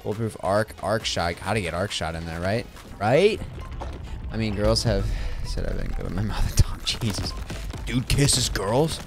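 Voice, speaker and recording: Over game music, a man streams a game, rambling, joking and talking to himself in casual commentary. He speaks at a moderate pace in a fairly low voice.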